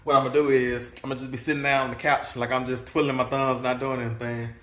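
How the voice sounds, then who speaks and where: A man's voice: mid-range voice, little pitch movement, fast, fairly bright tone. A man with a Southern US accent, casually vlogging from his kitchen at home as a father, chuckling and repeating words as he talks. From Mississippi, US.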